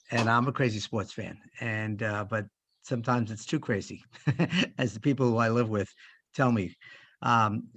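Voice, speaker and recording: An older man reflecting in a church group discussion, speaking in a halting, heartfelt way with many pauses. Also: mid-range voice, sharp tone, no echo. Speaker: discussion participant.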